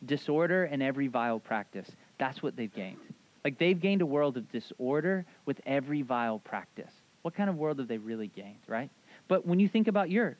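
A man preaching a casual, conversational sermon as a youth pastor, rambling through stories with lots of fillers and "right?". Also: a little high. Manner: rambling, filler-heavy storytelling with frequent "right?". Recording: dull lo-fi sound.

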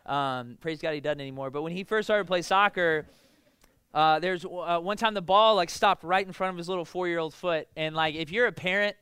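Man, pastor, casual sermon, conversational with filler words, clear smooth voice, forceful tone. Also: high voice, dry recording, studio quality. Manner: conversational, lots of "like" and "right?", rhetorical questions.

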